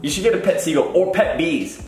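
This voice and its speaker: Playful young man, slightly high. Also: animated, fairly quick. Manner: playful, joking, argumentative. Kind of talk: casual chat. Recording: echoey room with faint music.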